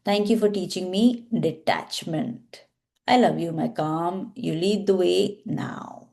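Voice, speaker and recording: Brief: woman healer guiding a practice, low and mellow, slow deliberate affirmations. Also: gravelly.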